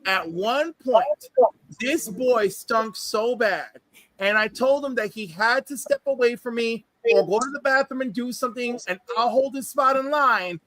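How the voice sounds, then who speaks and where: A man with a very high, bright, sharp voice hosts a loose pop-culture panel over a video call. He tells his stories with animated, gushing energy. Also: a little slow, no room sound. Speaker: host. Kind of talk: casual panel chat.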